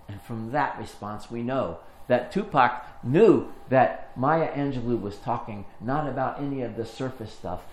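A man preaching a sermon, telling a story and acting out the voices in it, then dropping to a hush at the tender moments. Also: medium pitch, moderate pace, slight background noise.

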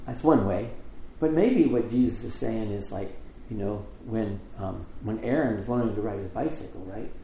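A middle-aged man preaching a sermon, telling the story with lively acted quotes and conversational asides. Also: lowish voice, moderate pace, roomy sound, a little hiss or hum, rough recording. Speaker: pastor.

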